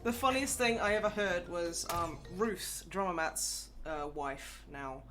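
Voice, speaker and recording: A woman's voice: fairly low pitch, a little slow. A woman co-hosting a charity livestream, chatting in a casual, self-deprecating way. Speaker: livestream co-host. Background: music.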